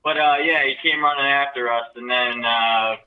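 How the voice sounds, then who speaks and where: A man's voice: medium pitch, steady tone, normal speed. Hesitant man on a phone line. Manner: hesitant, filler-heavy storytelling. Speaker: moped club president.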